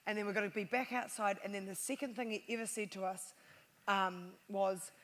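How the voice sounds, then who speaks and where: A woman's voice: medium pitch, steady tone, brisk, a bit bright, big-room sound. A woman hosting a live stage chat show, talking casually and laughing often. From New Zealand. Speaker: host.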